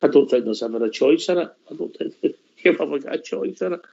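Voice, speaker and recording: Gravelly man hosting a phone-in. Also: fairly high pitch, animated, fast talker, dark tone, highs cut off. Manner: banter with callers. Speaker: radio phone-in host. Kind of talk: casual chat.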